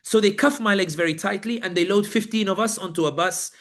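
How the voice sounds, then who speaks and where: Male speaker, fairly high voice, lively first-person storyteller who acts out the other people in his story. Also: a little fast. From Britain. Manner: animated storytelling, acting out guards and inmates. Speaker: speaker recounting detention. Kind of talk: personal account at a press event.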